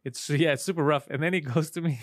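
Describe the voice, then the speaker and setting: A man with a Montreal Park Extension accent, telling stories fast in a casual podcast chat, swearing and laughing often. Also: fairly high pitch, no echo, clean studio sound. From Montreal, Canada. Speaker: comedian guest.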